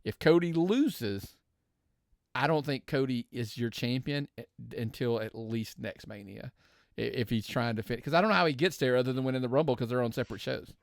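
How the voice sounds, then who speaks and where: A man co-hosting a podcast talks a little fast in a creaky, mid-range voice, restarting sentences as he reasons his way toward his opinions. The casual chat is captured in clean studio sound with no room sound.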